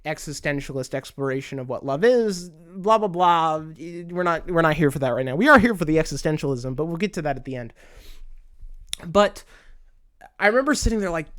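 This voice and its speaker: A man giving a casual spoken essay, earnest and emotional, retelling a story with animated energy. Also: on the high side. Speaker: commentator.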